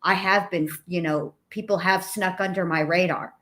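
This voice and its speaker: A woman's voice: lowish voice, steady tone, moderate pace, fairly bright tone. A woman who hosts a YouTube channel, talking in a reflective, rambling way with frequent restarts. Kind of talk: casual conversation.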